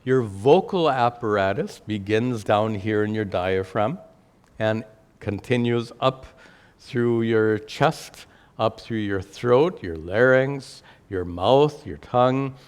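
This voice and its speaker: A man teaching a scripture class, explaining slowly and deliberately and repeating key phrases. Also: fairly low pitch, expressive. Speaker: spiritual teacher. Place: temple classroom with altar.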